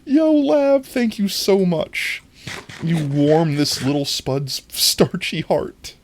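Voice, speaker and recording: A live streamer takes it slowly in casual gameplay chat, giggly and playful, frequently switching to a squeaky high voice. The desk-microphone audio has no echo.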